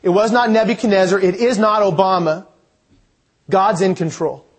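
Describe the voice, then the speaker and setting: High-voiced man preaching a sermon. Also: slightly rough. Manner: earnest, reads scripture slowly, asks the listeners questions.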